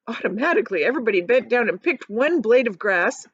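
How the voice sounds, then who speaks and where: A woman teacher reading a storybook aloud with expressive delivery and chatty asides. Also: on the high side, fast talker, few pauses, husky, no room sound, muffled recording.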